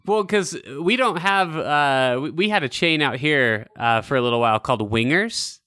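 Bright crisp-voiced man telling a rambling story. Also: fairly high pitch, normal speed, dry recording, clean studio sound. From Utah. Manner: rambling self-deprecating storyteller, swears casually. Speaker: podcast host. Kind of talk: casual podcast chat.

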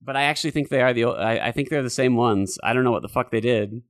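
A man hosting a podcast, talking in a loose, rambling way and swearing casually, with a hoarse voice. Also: mid-range voice, fast talker, no room sound, studio quality. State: hoarse, losing his voice. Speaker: podcast host. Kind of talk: casual chat.

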